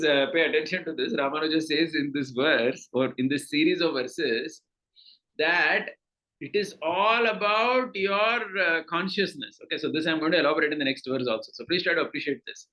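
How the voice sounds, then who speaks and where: A man's voice: a little high, sharp tone, rough recording. A man with an Indian accent teaching a scripture class, explaining patiently with many fillers and repeated words.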